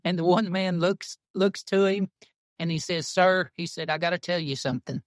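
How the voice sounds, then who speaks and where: Folksy pastor, dry close sound. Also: male voice, high-pitched, moderate pace, dry recording. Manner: folksy storyteller, drawling, informal grammar. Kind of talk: casual podcast chat about church.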